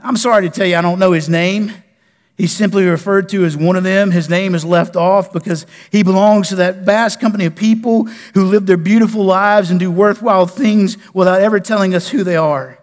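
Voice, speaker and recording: A man, a pastor preaching a sermon, animated with loud bursts and quiet drops. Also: high voice, brisk. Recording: long reverb of a large hall.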